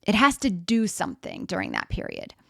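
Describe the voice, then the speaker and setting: A woman's voice: fairly low pitch, huge pitch swings, fairly quick, creaky, dry recording, clean studio sound. A middle-aged woman giving a motivational talk in a conversational way, acting out everyday scenes and putting questions to the audience. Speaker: speaker.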